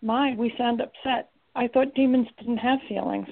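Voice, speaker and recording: A woman's voice: a little high, steady tone, normal speed, vocal fry. A woman voicing a sneering witch villain. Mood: taunting. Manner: mocking, sneering. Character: cruel taunting female witch villain. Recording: tinny lo-fi recording.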